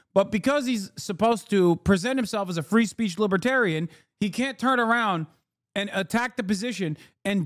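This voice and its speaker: A man's voice: high voice, a bit bright, no room sound, clean studio sound. A man reacting on a live stream, arguing with a clip and joking with his chat in a heated, profane way.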